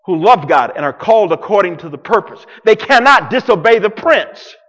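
A man preaching in a church sanctuary, his high voice rising and falling in wide, lively swings. He takes his time, dropping to hushed tones and then rising to loud declarations. A long reverb from the big hall trails every phrase. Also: normal speed, hardly any pauses. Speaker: pastor. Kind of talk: sermon.

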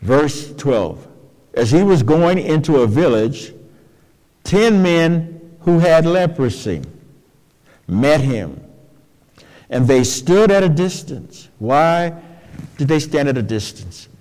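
A man preaching a sermon, folksy and expressive, dropping to soft low phrases and jumping to high, emphatic ones. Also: takes it slowly, pauses often. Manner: folksy, colloquial asides. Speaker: pastor. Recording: long hall reverb.

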